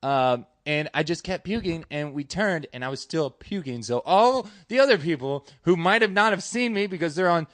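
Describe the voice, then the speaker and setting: A man's voice: on the high side, expressive, normal speed, few pauses, fairly bright tone, dry recording. A man telling a rambling, profane story as a comedian guest in a casual podcast chat.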